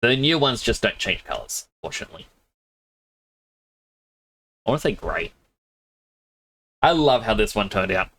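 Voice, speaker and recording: A man's voice: fairly low pitch, big pitch swings, a little slow, pauses often, a bit bright, a little hiss or hum, low-quality recording. A young man with a mixed Australian accent chatting casually on a game live stream, rambling and laughing often. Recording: game music playing underneath. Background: game music.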